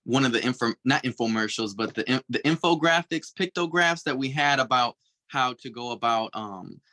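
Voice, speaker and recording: Young male panelist from Flint, bright tone, lively storyteller, video call. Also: medium pitch, normal speed. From Flint, Michigan. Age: young adult. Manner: animated storytelling, mimics others. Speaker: youth panelist. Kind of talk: casual panel discussion.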